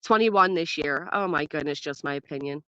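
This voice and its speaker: A woman's voice: low-pitched, brisk, sharp tone, clean tone, no room sound. A woman in her thirties hosting a casual livestream, chatting and greeting viewers by name as she reads the chat. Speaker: livestream host. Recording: dull dry sound.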